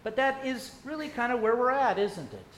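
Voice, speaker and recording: A male pastor preaching a sermon, firing rhetorical questions and swinging from loud to hushed. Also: very high voice, sing-song, moderate pace, slight background noise. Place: church sanctuary. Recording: echoey church room.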